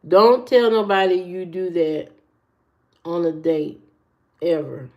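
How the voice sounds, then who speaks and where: A woman's voice: fairly low pitch, slow, a little mellow. A woman hosting a casual livestream, giving blunt, opinionated dating advice to her viewers. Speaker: livestream host. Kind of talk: casual live chat reacting to viewers. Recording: muffled lo-fi livestream audio.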